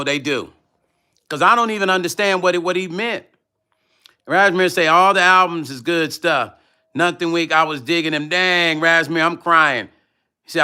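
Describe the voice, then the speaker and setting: A middle-aged man with a bright, crisp and slightly high voice chats casually on a livestream. He reads out comments in a relaxed, rambling way and laughs often as he drifts from one topic to the next. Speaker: music vlogger reading live chat.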